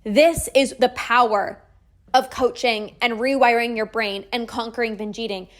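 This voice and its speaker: Upbeat woman coach, fast and chatty. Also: on the high side, fairly even intonation. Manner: enthusiastic, persuasive, frequent "like" fillers. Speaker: podcast host and binge-eating coach. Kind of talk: promotional podcast monologue.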